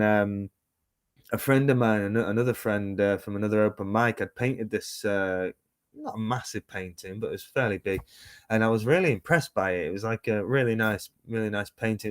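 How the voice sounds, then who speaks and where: A man's voice: on the low side, no room sound, clean studio sound. A man in his thirties, a musician and painter, talking casually in an interview over a video call, rambling with many fillers and restarts. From United Kingdom. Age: 30s.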